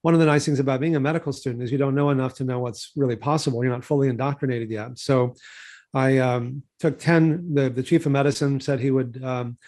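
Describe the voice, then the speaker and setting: A man in his sixties from Texas talks through his memories in an easygoing, rambling way. He keeps circling back with "uh" and "you know" and restarts his sentences, but his voice stays even and of middling pitch. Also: fairly quick. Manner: relaxed, digressive, many fillers and restarts. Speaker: physician and researcher. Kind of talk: conversational interview storytelling.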